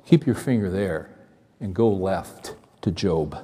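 A male pastor preaching a sermon in a conversational, animated way, repeating phrases and asking the congregation questions. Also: low-pitched, slow pace, a little hiss or hum. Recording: long hall reverb.

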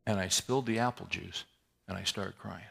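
Low gravelly-voiced male preacher. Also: normal speed, a bit bright. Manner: candid, conversational storytelling with restarts and asides. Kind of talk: personal storytelling sermon.

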